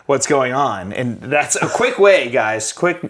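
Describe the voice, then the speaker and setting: Animated man hosting a movie chat. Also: mid-range voice, slow, slight background noise. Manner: animated, laughs often and acts out characters' lines. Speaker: podcast host and filmmaker. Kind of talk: casual movie review chat.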